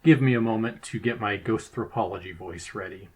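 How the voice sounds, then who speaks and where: Husky man narrating a ghost story. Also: on the low side. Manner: measured storytelling delivery. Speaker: podcast co-host.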